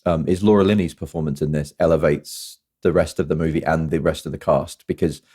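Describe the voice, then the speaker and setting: A man's voice: very deep voice, steady tone, brisk, mellow, husky. A man co-hosting a podcast, talking casually and ramblingly about films, often restarting his sentences. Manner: rambling, self-correcting, playful. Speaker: podcast co-host. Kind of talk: casual film chat.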